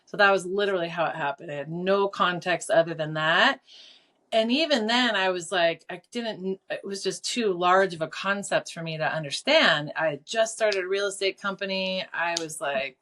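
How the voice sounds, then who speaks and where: Woman, middle-aged, interview guest, candid storytelling, animated, casual swearing. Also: mid-range voice, moderate pace. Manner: animated, casual, swears freely, lots of fillers. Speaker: clairvoyant and teacher, guest.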